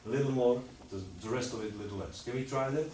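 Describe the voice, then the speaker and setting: A man's voice: mid-range voice, fast, recorded from a distance, noisy background. A man coaching a string quartet in a master class, singing out rhythms and repeating his instructions. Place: rehearsal room with musicians. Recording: roomy, from afar, music playing.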